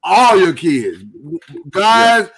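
A man hosting a live talk show, speaking earnestly and haltingly while he holds back emotion. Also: sits high, sing-song, gravelly, a bit bright. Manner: earnest, halting, with many restarts. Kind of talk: casual live-stream talk.

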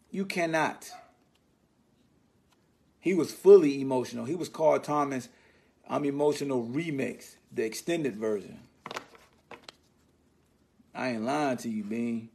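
A man hosting a sports podcast, riffing in an animated, slangy, mocking way. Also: mid-range voice, breathy edge. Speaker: podcast host. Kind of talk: casual sports commentary monologue.

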